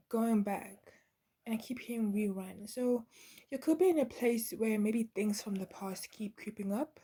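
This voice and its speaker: A woman giving a channeled spiritual card reading in a soft, half-whispered, halting way, with many pauses. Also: mid-range voice, slightly rough. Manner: soft, gentle, halting with fillers. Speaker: intuitive card reader.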